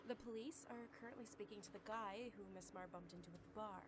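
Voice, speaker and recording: A woman's voice: mid-range voice, fast talker, background noise, close to an everyday voice. A woman voicing a playful, teasing young female detective partner in a visual novel.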